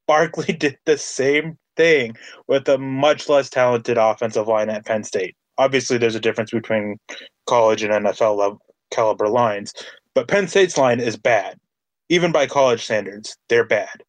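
Excited man hosting a sports podcast. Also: medium pitch, normal speed, no echo. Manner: enthusiastic, builds up with repeated phrases. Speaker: podcast host. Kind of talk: casual sports podcast chat.

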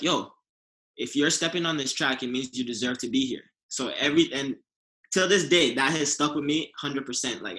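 A man's voice: mid-range voice, rough recording. A man who is a sprinter, guest in a casual conversation, talking through his career with lots of "like" and "um". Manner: relaxed, filler-heavy recounting.

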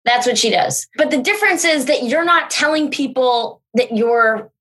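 A woman hosting a comedy podcast, chatting casually and quickly, often slipping into quick impressions. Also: high-pitched. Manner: quick, animated, trails into brief put-on voices; talks fast, frequently breaks into impressions. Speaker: podcast host.

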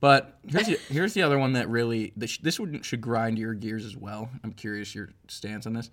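Sarcastic guy on a podcast, jokes around, mid pitch. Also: moderate pace, a bit bright. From East Coast US. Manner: jokey, sarcastic, puts on silly voices. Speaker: podcast co-host. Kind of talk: casual chat.

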